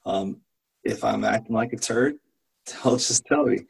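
Gravelly, husky-voiced father sharing. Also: lowish voice, a little slow, poor audio. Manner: candid, with many restarts and laughs. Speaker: program participant and father. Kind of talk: personal sharing in a group talk.

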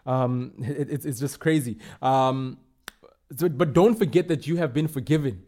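A man's voice: medium pitch, unhurried, a little mellow. A man preaching a sermon, speaking emphatically and repeating key lines, with some fillers and restarts.

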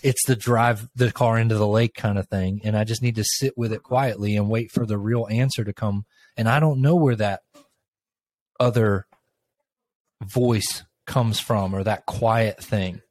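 A middle-aged man co-hosting a podcast, telling a personal story in a thoughtful, unhurried way with pauses. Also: on the low side, fairly even intonation, a little mellow, no echo, clean studio sound. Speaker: podcast co-host. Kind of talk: reflective casual conversation.

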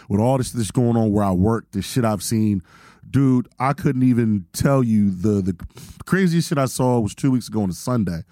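A man's voice: medium pitch, dark tone, dry recording, studio quality. A man, hosting a podcast and telling stories in a laid-back, profane way. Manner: laid-back storyteller, swears freely. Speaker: podcast host. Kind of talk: casual profane chat.

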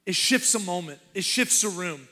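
Guest preacher, man, Texan accent, high bright voice, playful storyteller. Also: normal speed. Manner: lively, acts out voices in stories, laughs often. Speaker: guest pastor. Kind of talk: sermon with comic storytelling.

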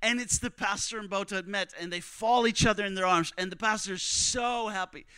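A man preaching, telling a story in a conversational, animated way and acting out what others said. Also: high-pitched, a little fast, smooth, dry recording. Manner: animated, conversational, acts out quotes. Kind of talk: sermon storytelling.

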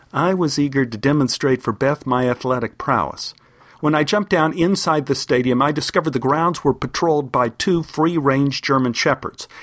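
A man's voice: medium pitch, a bit bright. Older man telling a wry memoir. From Dallas, Texas. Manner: dry, wry humor. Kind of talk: memoir storytelling.

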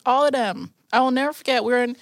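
A woman's voice: high-pitched, fast, no echo, clean studio sound. A young woman co-hosting a podcast in casual chat, ranting emphatically and dramatically. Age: young adult. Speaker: podcast co-host.

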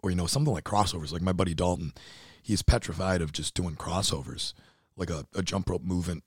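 Man in his 30s, deep-voiced and hoarse, casual podcast co-host, earnest and emotional, dry close sound. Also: quick pace, no echo. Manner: earnest and emotional, swears freely. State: hoarse, voice nearly gone. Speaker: podcast co-host, CrossFit athlete. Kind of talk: casual chat.

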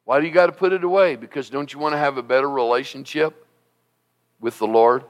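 A man's voice: medium pitch, a little fast, echoey room. A male pastor preaching a sermon in a call-and-response style, asking the congregation for amens and repeating his key lines for emphasis.

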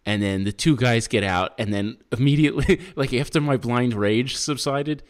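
A young adult man, a podcast co-host, telling a story in casual chat and acting out his own shouting. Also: medium pitch, moderate pace.

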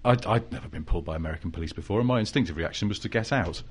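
A man's voice: deep voice, very fast, husky. A middle-aged British man, a podcast guest, chatting casually and acting out quotes as he tells anecdotes. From United Kingdom. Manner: animated storyteller, acts out quotes. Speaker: podcast guest, former TV writer. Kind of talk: casual chat.

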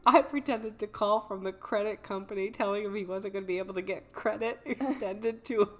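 Speaking at a normal speed in a mid-range voice, this woman co-hosts a podcast. Over a studio mic she tells lively stories in casual chat, with plenty of laughter and offhand swearing.

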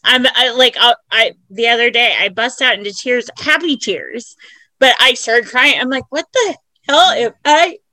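A woman's voice: on the high side, normal speed, bright, forceful tone, no echo. A woman in recovery chatting frankly on a podcast, swearing freely. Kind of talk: casual conversation.

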